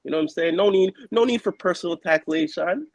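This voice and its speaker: A man's voice: sits high, fast, no room sound. A man calling into a boxing live stream, talking casually and defending himself with lots of fillers. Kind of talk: casual argument.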